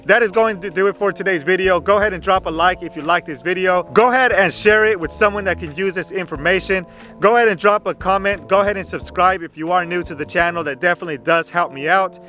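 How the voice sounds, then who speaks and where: A man's voice: high-pitched, fast talker, sharp tone, soft background music. A man hosting his gaming channel, chatting casually through a game guide and repeating "go ahead" between filler words.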